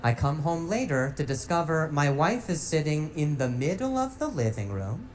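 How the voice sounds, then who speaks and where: A young man doing a stand-up storytelling set, animated, often restarting and repeating words. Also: fairly high pitch, moderate pace, a little hiss or hum, low-quality recording. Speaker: stand-up comedian.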